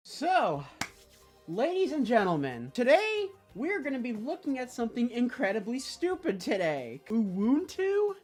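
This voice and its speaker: A woman's voice: a little high, wildly swooping pitch, measured pace, darkish tone, soft background music. A woman giving casual, sarcastic commentary over a screen recording, laughing often and sounding incredulous. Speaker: tech video creator.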